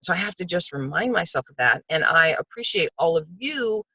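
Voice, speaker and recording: An older woman talking on a video call, sharing a personal story in a heartfelt, animated way. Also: on the low side, fairly quick, slightly rough, no room sound, rough recording. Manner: heartfelt, animated storytelling, acts out quoted voices. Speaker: book club participant.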